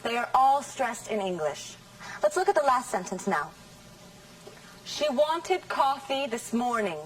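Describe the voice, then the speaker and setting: Slow, careful woman teaching English. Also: a little high, very animated, recorded from a distance, low-quality recording. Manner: slow, careful, over-articulated model sentences. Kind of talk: scripted classroom lesson.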